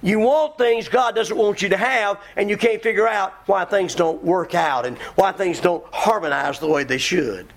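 A man's voice: sits high, moderate pace, hardly any pauses. A middle-aged man preaching a sermon in a folksy, emphatic way, quoting scripture and acting out his listeners. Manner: folksy, emphatic, mimics congregants with shouts.

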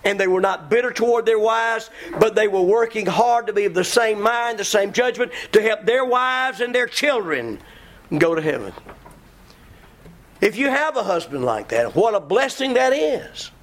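A middle-aged man with a high voice preaches a sermon at a moderate pace, animated throughout. He is folksy and emphatic, quoting scripture and acting out his listeners by mimicking congregants with shouts.

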